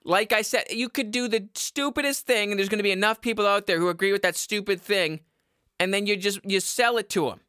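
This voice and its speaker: Young male podcast host, loud ranting delivery, bright forceful tone, close dry mic. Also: high-pitched, fairly quick, clean tone, dry recording. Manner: loud and yelling, rambling. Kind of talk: ranting comedy monologue. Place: home basement. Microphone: studio microphone.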